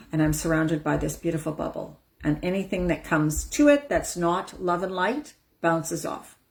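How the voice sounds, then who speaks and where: Woman, live-stream empowerment coach; lowish, soothing voice, breathy whoosh releases. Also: measured pace. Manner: soothing, demonstrates breathing out with loud whooshing sighs. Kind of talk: casual live-stream teaching.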